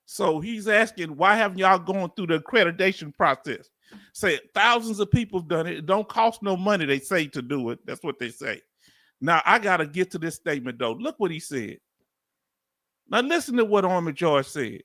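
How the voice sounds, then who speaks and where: High, bright Southern man commenting. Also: moderate pace, no room sound, clean studio sound. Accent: Southern US, Houston. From Houston, Texas. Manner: animated preacher-like call and response. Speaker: veteran YouTube host. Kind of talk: casual livestream commentary reading chat.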